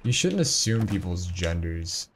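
Young man, gaming commentary, teasing, unhurried, lively pitch, game music behind. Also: slight background noise. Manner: joking, teasing, bursts into shouts. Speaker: gaming YouTuber. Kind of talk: casual let's-play commentary.

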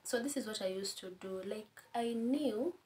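A woman's voice: a little high, normal speed, darkish tone, slight background noise. A young woman with a Kenyan accent, chatting as a guest and giving friendly advice, laughing at her own stories. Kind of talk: casual advice-giving conversation.

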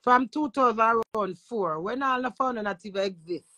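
A Jamaican woman with a fairly high voice talks brash and boastful in thick patois, swearing at every turn. Her voice sits close and dry, with no room sound around it. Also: normal speed, dry recording. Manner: loud, profane and boastful. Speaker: social media influencer. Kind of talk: brash casual talk in patois.

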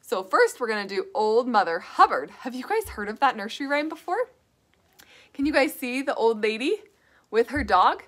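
A young woman teaching preschoolers, reciting nursery rhymes in a sing-song, drawn-out way. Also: high voice, big pitch swings, fairly bright tone. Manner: sing-song, drawn-out phrasing for small children. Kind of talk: children's lesson and nursery rhymes.

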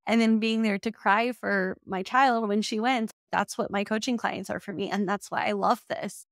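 On her own podcast, a young adult woman who works as a business coach talks casually and from the heart, sounding close to tears at times and saying "y'all" often. Her mid-range voice is steady and moderately paced. The recording is dry, with no room sound.

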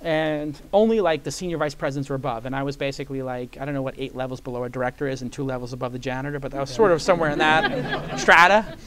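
A man's voice: mid-range voice, racing, hardly any pauses. A man telling a long anecdote in an interview, acting out the voices of the people in it and using a lot of "like" as filler. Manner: animated storyteller who acts out quoted voices, many "like" fillers. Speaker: guest. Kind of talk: storytelling interview. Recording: live event with audience.

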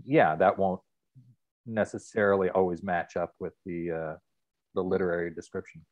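A middle-aged man, a guest in a casual interview, telling stories in a relaxed, rambling way. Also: deep voice, normal speed, no echo, lo-fi sound.

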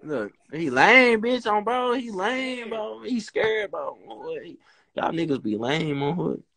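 A man hosting a casual live stream from home, loud and joking, with profane banter. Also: sits high, big pitch swings, takes it slowly, gravelly, dry recording. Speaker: livestream host. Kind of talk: casual livestream chat.

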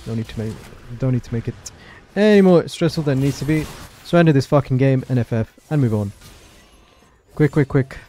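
A man's voice: mid-range voice, expressive, brisk, mellow. A man streaming his live gameplay with frustrated, swearing commentary, often chanting words over and over. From Europe.

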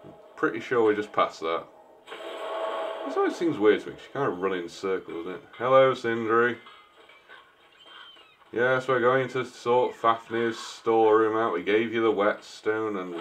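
A man's voice: lowish voice, normal speed, long pauses, fairly bright tone, slight background noise. A man giving casual joking commentary while he plays a game, talking back to the characters. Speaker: gameplay streamer. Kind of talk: casual let's-play commentary.

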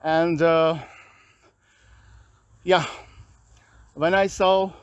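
A high-voiced man talks to his camera from a park, his halting and restless. He sounds worn out and agitated. The sound is dry and close, with no room echo. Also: level tone, clear, resonant tone, muffled recording. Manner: agitated, weary, halting non-native English. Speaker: vlogger. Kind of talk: personal video complaint. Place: outdoors in a park.

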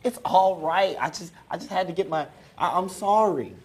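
A man's voice: high voice, normal speed, darkish tone. A young man co-hosting a comic student TV show, mock-angry and playful. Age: young adult. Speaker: co-host.

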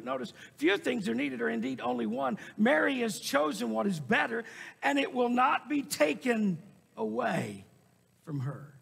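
High, gravelly preacher in a reverberant church. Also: male voice. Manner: preaching with emphatic repetition and rising shouts. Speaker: pastor. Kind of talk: sermon. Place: church sanctuary. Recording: long reverb of a church hall.

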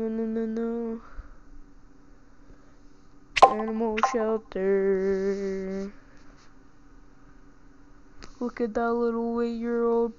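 A young woman casually commenting while she plays a life simulator game, reacting aloud and reading out menu options. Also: fairly high pitch. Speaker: gamer playing a life simulator. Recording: dull lo-fi sound with clear background noise.

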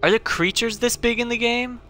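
A man giving excitable, joking commentary on his own gameplay, often exclaiming at what he sees. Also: very high-pitched, moderate pace. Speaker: gaming channel host. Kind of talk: let's play commentary.

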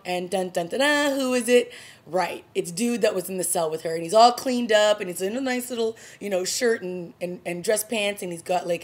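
A woman casually recapping a TV episode, retelling scenes in a chatty, animated way and acting out the characters' lines. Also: medium pitch. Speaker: TV reviewer.

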